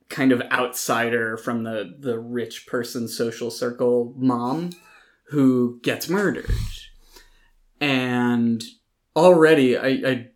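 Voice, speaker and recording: Opinionated man chatting about TV. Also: medium pitch. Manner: opinionated, animated, frequent ums and restarts. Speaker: podcast co-host reviewing films and TV. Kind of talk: casual chat.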